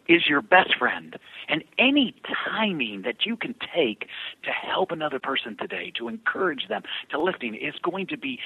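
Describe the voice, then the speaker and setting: A man's voice: on the high side, vocal fry, breathy edge, no room sound, phone-quality sound. A male guest telling a story with energy, acting out the voices of the people in it before turning to an uplifting message. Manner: acts out quoted voices, builds to uplifting message. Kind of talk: animated storytelling.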